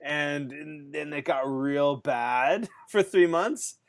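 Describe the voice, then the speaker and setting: A man with a slightly high voice hosts a podcast in loose casual chat. He rambles through stories, leans on fillers and keeps breaking into laughs. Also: takes it slowly. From Canada. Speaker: podcast host.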